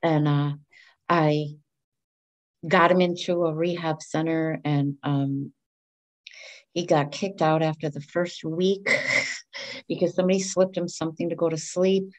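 Middle-aged woman guest, slightly low voice, open and expressive, acts out the voices in her story. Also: measured pace, long pauses. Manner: candid and expressive, acts out quoted speech. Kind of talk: personal storytelling in conversation.

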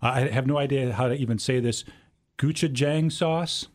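A man, co-hosting a casual radio food segment, relaxed and halting with fillers. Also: mid-range voice. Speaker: radio co-host.

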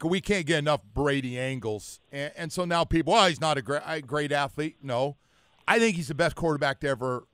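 A man hosts a sports talk radio show from the studio, his voice smooth, clear and a little higher than most. He asks questions in an easy, conversational way, and the sound is dry and close to the mic. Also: fairly bright tone, no echo. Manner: conversational, quick to agree. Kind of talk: casual radio interview.

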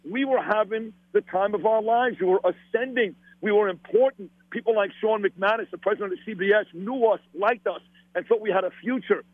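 Heard over a dry, tinny phone line with no room sound, a middle-aged Brooklyn-born radio host speaks as a podcast guest in a high voice, a little fast. His casual storytelling is blunt, profane, and emphatic, delivered in a Brooklyn accent.

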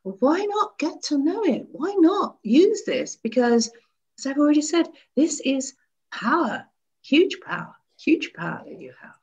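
A woman talking in an interview as a guest expert, animated, laughing often and demonstrating tones of voice while seated. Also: high-pitched, measured pace, dull audio. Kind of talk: conversational interview. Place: seated indoors.

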